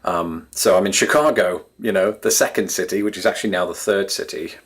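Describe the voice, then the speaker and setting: The voice is deep and slightly rough, fairly quick, with fairly even intonation. It belongs to a thirtysomething YouTuber from England with an English accent, reminiscing to his audience in a chatty, wry, self-deprecating monologue.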